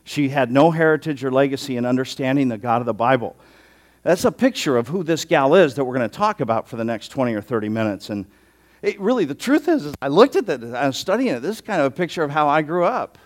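A man's voice: medium pitch, sing-song, fast talker. A man preaching an expository sermon as a pastor, conversational and given to joking asides.

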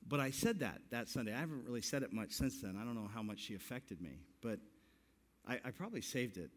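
A man in his sixties preaches with a storyteller's energy. He pokes fun at himself between points and laughs through his lines. His pitch sits in an ordinary middle range for a man. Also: lively intonation, fast talker. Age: 60s. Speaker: pastor. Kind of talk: sermon with personal storytelling.

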